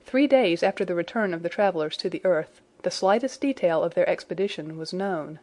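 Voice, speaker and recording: Woman calmly reading a classic novel. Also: on the low side, fairly quick. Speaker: audiobook reader.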